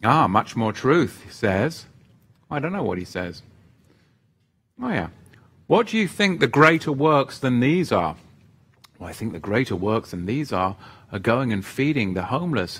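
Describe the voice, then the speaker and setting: A man's voice: mid-range voice, husky. Feisty, teasing male livestream preacher. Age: parent of children living at home. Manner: feisty, teasing, swings between loud outbursts and soft asides. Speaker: livestream Bible teacher reading viewer comments. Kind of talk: live-stream teaching and chat.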